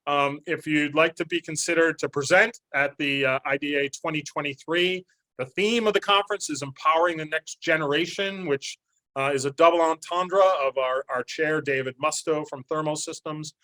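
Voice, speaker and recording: A man's voice: fairly high pitch, steady tone, normal speed, sharp tone. A man hosting a webinar, wrapping up questions and closing remarks in a wordy, meandering, folksy way over a video call. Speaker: webinar host.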